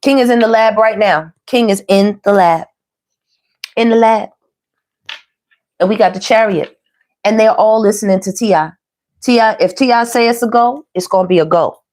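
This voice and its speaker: A woman's voice: on the high side, normal speed, a little mellow. A woman giving a casual tarot reading, chatty and slangy, talking to viewers as y'all and baby. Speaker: tarot reader.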